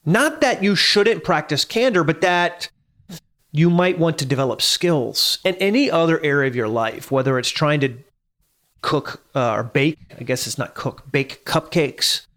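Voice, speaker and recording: Male host, 40s, fairly high voice, reflective solo talk, rhetorical questions, repeats points. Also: fairly bright tone. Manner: conversational, asks listeners questions, repeats for emphasis. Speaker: podcast host.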